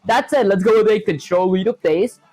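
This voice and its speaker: A man's voice: sits high, a little fast, a little mellow, no echo. A man live-streaming while he codes, thinking aloud with lots of fillers and reading viewer chat aloud to answer it. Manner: thinks aloud, says "honestly" and "that said" often, filler-heavy.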